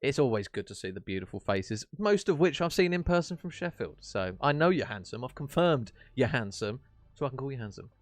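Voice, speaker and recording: A man casting an esports match on stream, chatty and jokey, chatting warmly with his viewers. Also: medium pitch, big pitch swings, fairly quick, no room sound. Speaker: esports caster. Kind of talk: casual stream commentary reading chat.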